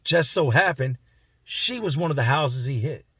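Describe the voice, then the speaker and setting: Casual male storyteller, slangy and husky, slightly higher voice, dry in-car sound. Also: lively intonation, moderate pace, pushed and bright, no room sound. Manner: slangy, conversational, acts out the voices in his story. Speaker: vlogger telling a prison story. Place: inside a car.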